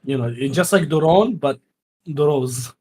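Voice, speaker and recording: Arabic-speaking guy guesting on a stream, mid pitch, teases and laughs, swears. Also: moderate pace. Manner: teasing, laughs often, swears. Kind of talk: casual chat.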